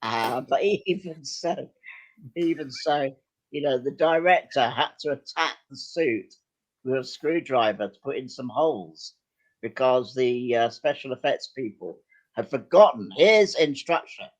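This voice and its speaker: An older man, a guest actor and writer, telling lively, self-deprecating anecdotes with some hesitation in casual chat. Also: medium pitch, measured pace.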